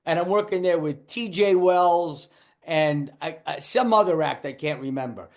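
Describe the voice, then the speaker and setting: Brief: older male stand-up, high voice, animated storyteller who acts out his characters. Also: moderate pace. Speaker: stand-up comedian guest. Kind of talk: telling a club story.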